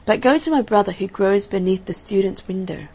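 A woman reading aloud and voicing a vain yellow rose tree in a proud, showy storybook tone. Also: medium pitch, brisk, slightly rough, low-quality recording.

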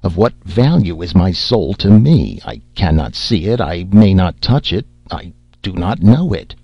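A man's voice: low-pitched, sing-song, unhurried, vocal fry, warm tone, breathy edge, dry recording, muffled recording, full character voice. A man voicing a grieving young fisherman in love, pleading in earnest archaic speech.

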